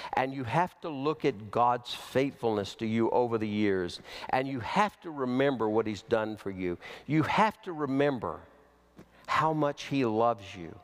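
A man preaching a sermon as pastor, slow and emphatic, with big swings in pitch. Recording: long hall reverb.

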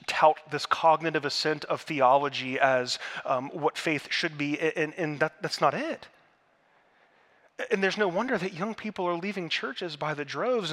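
A man preaching a sermon in a church, earnest, building to emphatic peaks and dropping to hushed tones. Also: fairly high pitch. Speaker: pastor. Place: church sanctuary.

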